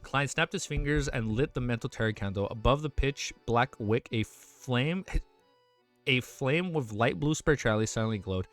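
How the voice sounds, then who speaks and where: A man's voice: mid-range voice, normal speed, a bit bright, faint music behind. A man hosting his channel, reading a web novel aloud and breaking off to react with swearing and emotional outbursts, stumbling over lines. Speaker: channel host.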